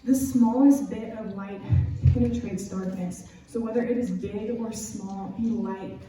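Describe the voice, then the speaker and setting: A young Texan woman with a Texan accent gives a youth-group sermon in a church youth room, telling a personal story in an earnest, candid, chatty way. Her medium-pitched voice is steady, unhurried and dark-toned, with faint music behind, and it's heard from far off in an echoey room.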